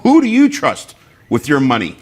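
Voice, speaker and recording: A man's voice: mid-range voice, huge pitch swings, normal speed. A man in his forties co-hosting a political talk show, speaking bluntly with many fillers and restarts.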